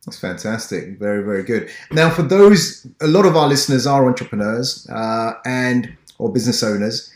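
A man's voice: mid-range voice, lively intonation, normal speed, few pauses. Ghana-born guy hosting a podcast, earnest and encouraging, sounds roomy. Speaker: podcast host. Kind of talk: interview podcast.

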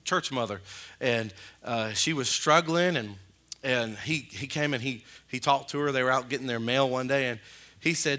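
A male pastor preaching a sermon in a church, animated and colloquial, rising and falling in pitch and loudness. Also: moderate pace. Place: church sanctuary.

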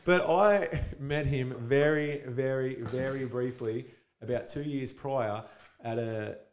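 A man's voice: mid-range voice, takes it slowly. Man, casual storytelling, laughs often, podcast guest. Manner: laughs often while telling stories. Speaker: guest, basketball player.

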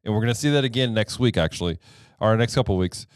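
A man's voice: fairly low pitch, quick pace, no echo, clean studio sound. A man hosting a casual Bible study podcast, talking animatedly and laughing easily. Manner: animated, laughs easily, reads scripture aloud. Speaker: podcast host and Bible teacher.

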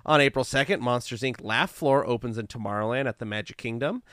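Smooth-voiced man reading podcast facts. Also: mid-range voice, fast talker, a bit bright. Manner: laughs at himself, reads lists of dates and events. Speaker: podcast co-host. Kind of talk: casual podcast chat and segment reading.

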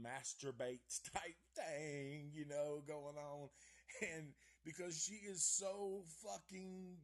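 A man reviewing a horror movie on a live stream, rambling and swearing casually as he retells the plot. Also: on the high side. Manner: rambling, profane, laid-back storytelling.

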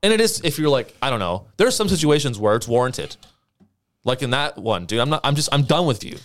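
A young man co-hosting a podcast, telling a story in casual, animated talk with lots of swearing and acted-out quotes. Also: mid-range voice, fairly quick, no room sound. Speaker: podcast co-host.

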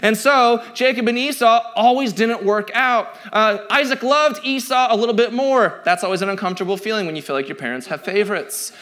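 A man in his thirties preaching a sermon in a joking, conversational way, swinging from loud to quiet. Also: high voice, fairly quick, hardly any pauses. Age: 30s. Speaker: pastor.

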